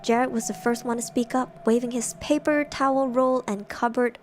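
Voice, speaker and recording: A young woman reads a horror story aloud in a soft, hushed semi-ASMR voice, pitched a little high. She breaks off now and then for giggly asides. Faint music plays behind her. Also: steady tone, normal speed. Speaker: streamer reading horror stories.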